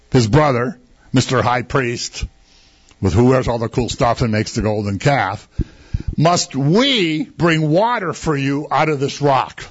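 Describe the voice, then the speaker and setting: A man's voice: a little high, husky, muffled recording. A man preaching a sermon in a conversational way, asking his listeners rhetorical questions.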